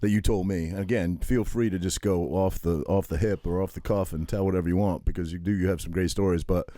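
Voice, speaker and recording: Man, podcast host, low voice, mellow tone, eager casual chat. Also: steady tone, brisk, no room sound. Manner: eager, encouraging reactions.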